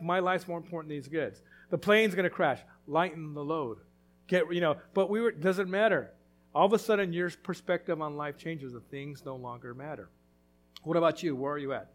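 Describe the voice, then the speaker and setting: A man preaching a sermon as pastor, emphatic and repetitive, full of rhetorical questions. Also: high-pitched.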